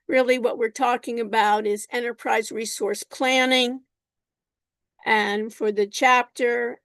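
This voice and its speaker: Slow-paced woman teaching an online class. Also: a little high, dry recording. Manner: unhurried, repeats words, addresses students by name. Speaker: college instructor.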